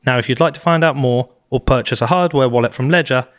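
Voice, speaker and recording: A man's voice: medium pitch, fast talker. A British man, host of a podcast, reading sponsor ads and then chatting casually with his guest, laughing often and restarting his sentences. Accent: British English. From Britain. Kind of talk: ad reads then casual chat.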